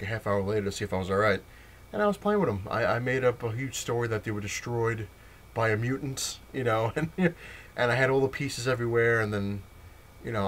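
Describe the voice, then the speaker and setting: A vlogger with a lowish voice casually tells a long story from his childhood, rambling wryly with many restarts, fillers and wry laughs. A slight hiss or hum sits in the background.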